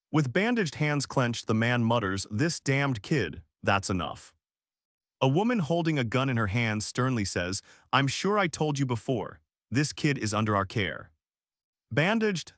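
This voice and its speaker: A man narrating a comic story recap in an even, read-aloud manner, reading the characters' lines in his own voice. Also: mid-range voice, dry recording, clean studio sound.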